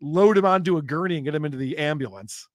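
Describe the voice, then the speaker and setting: A man's voice: on the high side, quick pace, no room sound. A male host casually commenting on police videos with joking, sarcastic narration.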